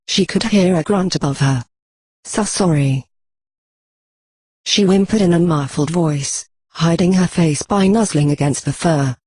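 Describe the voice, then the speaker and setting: A text-to-speech narrator reading a storybook in a flat, even synthetic delivery. The voice is slightly husky and recorded dry, with no room sound. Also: mid-range voice, no room sound, low-quality recording.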